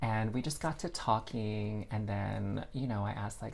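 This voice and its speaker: Gravelly-voiced man chatting through a tarot reading. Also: fairly low pitch, moderate pace, a little hiss or hum. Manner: chatty and expressive, addresses listeners as girl and y'all. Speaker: tarot reader. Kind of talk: casual storytelling tarot reading.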